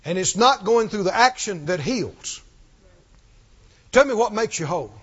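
High-voiced preacher in an echoing hall. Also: male voice, expressive, a little slow, slightly rough. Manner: emphatic and repetitive, leads call-and-response. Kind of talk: sermon. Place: church. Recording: muffled, with long hall reverb.

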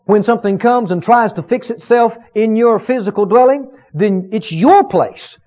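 A man preaching a sermon, stretching out key words for emphasis and rising to loud shouts of praise. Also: high voice, moderate pace. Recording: dull lo-fi sermon recording.

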